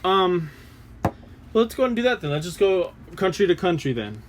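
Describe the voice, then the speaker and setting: A man's voice: sits high, big pitch swings, normal speed, slight background noise. A man co-hosting a casual podcast, reacting with wry, teasing remarks. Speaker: podcast co-host. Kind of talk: casual chat.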